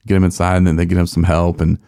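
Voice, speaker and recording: A man's voice: sits low, completely flat delivery, racing, vocal fry, warm tone, clear, resonant tone, dry recording, studio quality. A man hosting a podcast, telling a story in a rambling, folksy way with many fillers. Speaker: podcast host. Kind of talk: casual storytelling chat.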